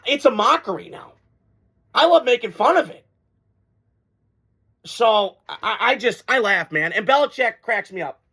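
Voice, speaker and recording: A man's voice: very high-pitched, creaky, bright, forceful tone, breathy edge. A man hosting a sports talk show, delivering a blunt, profane, mocking monologue.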